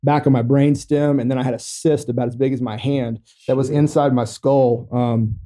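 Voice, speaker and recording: A middle-aged military veteran telling a personal story in a podcast interview, joking matter-of-factly about serious things, loose and halting with lots of fillers. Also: male voice, medium pitch, fairly even intonation, dark tone. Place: podcast studio.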